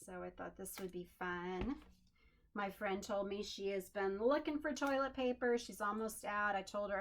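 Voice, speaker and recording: A woman's voice: mid-range voice, fairly even intonation, moderate pace, a little hiss or hum. A woman hosting a home craft tutorial, chatting in an upbeat way and thinking aloud as she works at her desk. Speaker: crafting channel host.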